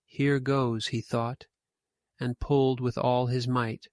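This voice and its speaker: Steady male ghost story narrator. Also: medium pitch, slow pace, dry recording, clean studio sound.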